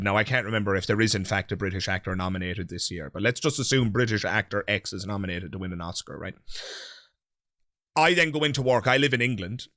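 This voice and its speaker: Irish host guy, bright forceful voice, opinionated, dry close mic. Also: on the low side, no echo. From Ireland. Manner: opinionated, animated, laughs often. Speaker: podcast host. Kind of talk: casual chat.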